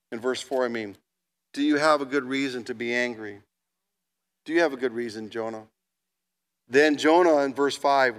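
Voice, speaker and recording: A man preaching a sermon, reading scripture aloud with emphatic pauses and then commenting in a conversational way. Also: medium pitch, a bit bright, clear, resonant tone. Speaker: pastor.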